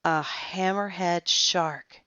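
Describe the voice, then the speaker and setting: Lady doing a grumpy careful kid, bright tense voice, lo-fi. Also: lowish voice, steady tone, very slow, dry recording, heavily acted. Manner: tense, exasperated. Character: cautious, grumbling young boy. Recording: dull lo-fi sound.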